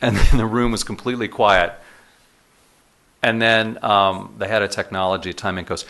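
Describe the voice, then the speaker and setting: A middle-aged man telling animated anecdotes to a live audience, often chuckling as he goes, then taking questions. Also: on the low side, normal speed. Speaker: speaker telling stories to an audience. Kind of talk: storytelling talk to a live audience. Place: lecture room with audience.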